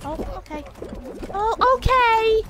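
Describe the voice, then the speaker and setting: A woman voicing a jittery cartoon animal who gets excited and shrieks when losing, in a fan role-play over gameplay. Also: very high voice, takes it slowly, noisy background, exaggerated voice. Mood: frantic.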